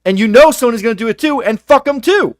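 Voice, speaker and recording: A young man co-hosting a livestream, ranting in casual chat with profane, animated outbursts. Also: very high-pitched, brisk, no room sound, studio quality. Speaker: livestream co-host.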